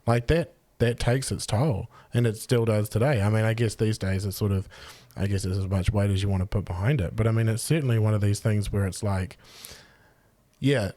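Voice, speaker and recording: A man's voice: lowish voice, a little fast, warm tone, no room sound. A New man hosting a podcast, talking frankly and casually and swearing freely. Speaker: podcast host. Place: studio in a computer store.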